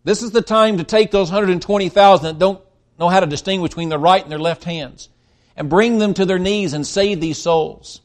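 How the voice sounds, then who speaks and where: A man preaching a sermon, emphatic and swinging between loud stresses and quiet drops, with frequent restarts. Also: high-pitched, fairly quick. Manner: emphatic, rising and dropping in volume, with restarts.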